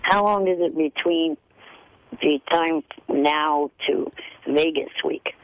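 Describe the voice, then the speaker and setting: Hesitant man with a gravelly tinny voice. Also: fairly high pitch, no echo. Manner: hesitant, halting. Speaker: guest. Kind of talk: casual radio conversation.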